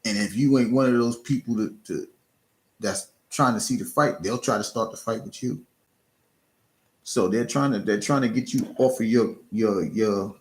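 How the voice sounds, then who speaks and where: A man streaming live, giving casual, earnest encouragement to his chat, often restarting and repeating words. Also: on the low side. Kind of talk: casual motivational talk.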